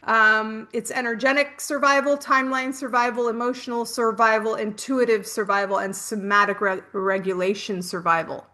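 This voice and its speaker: Bright-voiced middle-aged woman leading a workshop. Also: fairly high pitch, steady tone, moderate pace, few pauses. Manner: chatty anecdotal storytelling with casual swearing. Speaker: spiritual workshop host. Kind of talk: spiritual workshop talk.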